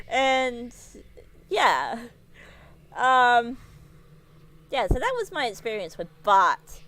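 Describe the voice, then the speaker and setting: A woman's voice: fairly high pitch, sing-song, drawn-out words, pauses often, a bit bright. A woman streamer telling a story to her livestream, giggling often and rambling with many restarts. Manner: giggly, laughs often while telling stories.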